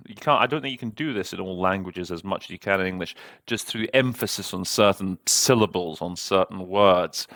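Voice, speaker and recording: A man's voice: deep voice, a bit bright, no room sound, studio quality. A man, a conference interpreter hosting a podcast, reflecting candidly on his own interpreting in a conversational way. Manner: reflective, self-critical, conversational.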